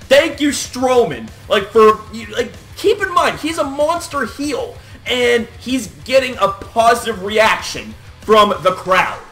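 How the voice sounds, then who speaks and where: Hyped up guy ranting about a wrestling match, bright voice, faint music behind. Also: extremely high pitch, measured pace. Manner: excitable, peppered with "like" and swearing. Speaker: wrestling vlogger. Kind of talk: casual recap commentary.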